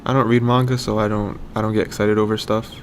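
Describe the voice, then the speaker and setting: A man's voice: lowish voice, level tone, quick pace, slight background noise. A young man co-hosting a podcast, chatting casually and joking with his friend, laughing often. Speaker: podcast co-host. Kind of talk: casual chat.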